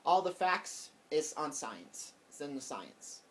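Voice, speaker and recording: A man's voice: a little high, sing-song, slow, fairly bright tone. A man vlogging a heated, rambling political rant, repeating himself as he talks. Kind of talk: casual political rant to camera. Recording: voice distant from the mic.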